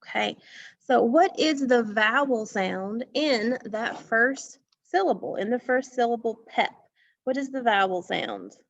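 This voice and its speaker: A woman's voice: a little high, animated, a little slow, lo-fi sound. A woman teacher giving an online phonics lesson from a school music room, patiently repeating words and asking questions.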